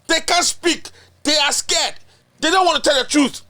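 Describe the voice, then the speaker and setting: The Ghanaian host of a political commentary show talks at a moderate pace in a very high, sharp-toned voice. His delivery is indignant and emphatic, full of repetition and local-language chants.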